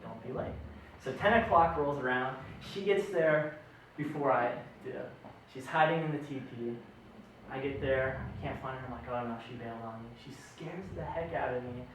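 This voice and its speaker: A young man doing a stand-up story, animated and self-mocking, acting out the other people in it. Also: mid-range voice, normal speed, a little hiss or hum. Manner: animated, self-mocking, acts out quoted voices. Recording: very echoey room, mic far off.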